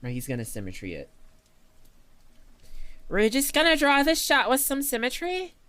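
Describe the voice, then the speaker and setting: Playful, lively streamer guy chatting. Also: extremely high pitch, moderate pace, smooth, no room sound. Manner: playful, laughs often, reads and answers chat; refers to himself in the third person. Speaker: VTuber streamer. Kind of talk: casual livestream chat while drawing.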